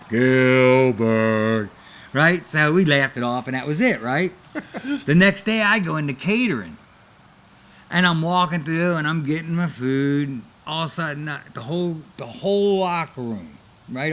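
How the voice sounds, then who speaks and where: Animated man telling wrestling stories. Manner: animated, acts out quoted voices with big pitch jumps. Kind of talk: casual interview storytelling.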